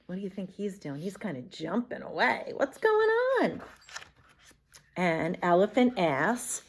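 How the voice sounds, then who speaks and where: Woman teacher, storybook read-aloud, slow unhurried pace, sing-song pitch, talks to young children. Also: animated, a little mellow, slightly rough. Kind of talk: reading a picture book to children.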